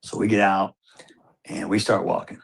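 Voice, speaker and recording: A man's voice: low voice, steady tone, normal speed, vocal fry, husky. A man telling a hunting story as a father, recounting it vividly and acting out the exchanges. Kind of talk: recorded storytelling.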